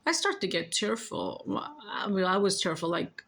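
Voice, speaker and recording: Bright-voiced, blunt New York woman. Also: mid-range voice, very animated, normal speed, gravelly. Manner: emphatic, blunt, curses freely; repeats points, speaks straight to viewers. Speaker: spiritual storyteller. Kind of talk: casual spiritual storytelling to viewers.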